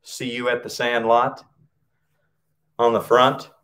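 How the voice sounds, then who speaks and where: A man's voice: medium pitch, little pitch movement, takes it slowly, fairly bright tone. A man running a live-streamed PE class, upbeat, calling out nicknames and counting exercise reps, short of breath from working out. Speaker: PE coach.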